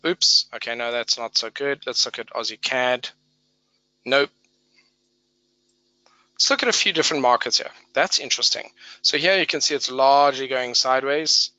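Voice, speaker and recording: A man running a live trading webinar with a bright, forceful voice, recorded dry with almost no room echo. He talks through the charts casually, thinking aloud and hammering key words by repeating them. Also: mid-range voice, dull audio. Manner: emphatic repetition of key words.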